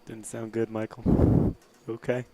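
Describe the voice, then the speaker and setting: Dry flat-voiced man on color commentary. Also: on the low side, takes it slowly, dull audio, noisy background. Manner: dry, wry asides. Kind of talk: amateur sports commentary. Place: outdoors at a high school soccer field.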